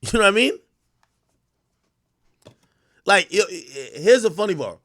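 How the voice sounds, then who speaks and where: Brash, lively male livestream host. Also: sits high, a little slow, no room sound. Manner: profane, mocking, laughs often. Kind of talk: casual rant to a live chat.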